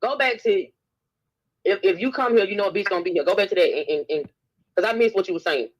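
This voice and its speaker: Fast-talking host who keeps interjecting. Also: medium pitch, low-quality recording. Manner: interjects, asks to slow down and recap. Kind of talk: casual live-stream chat.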